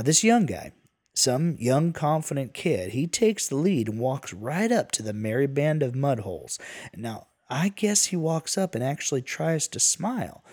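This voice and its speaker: A man's voice: mid-range voice, darkish tone, breathy edge. A man narrating a western tale in a folksy, casual manner with asides. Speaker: storyteller.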